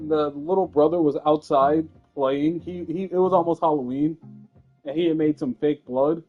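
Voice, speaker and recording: A man's voice: fairly high pitch, steady tone, normal speed, narrow, tinny audio, soft background music. A young man hosting a casual, comedic chat, telling rambling stories full of swearing. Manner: crude, rambling storytelling with swearing. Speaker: host.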